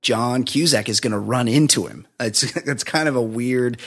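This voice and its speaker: A man's voice: mid-range voice, normal speed. A man co-hosting a podcast, casually retelling a film's scenes in a rambling way with frequent laughs. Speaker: podcast co-host. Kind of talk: casual movie review chat.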